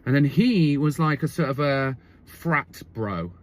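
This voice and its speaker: A man's voice: medium pitch, expressive, measured pace. A man telling a comic story in a wry monologue, often checking in with "okay?" and "right?".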